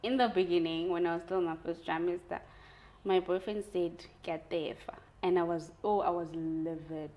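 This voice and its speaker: A young woman talking candidly in a casual conversation, telling her stories in an animated way and laughing often. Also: on the low side, moderate pace, low-quality recording. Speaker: guest.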